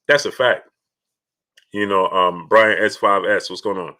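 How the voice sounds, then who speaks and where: A man hosting a casual live stream, halting with many fillers and pauses as he reads viewer messages. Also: fairly low pitch. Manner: halting, many fillers, bursts of excited yelling at a game. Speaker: live stream host reading super chats.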